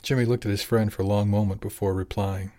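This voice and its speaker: A male narrator reading a novel aloud in an audiobook style. His delivery is measured and even, and his voice sits on the low side.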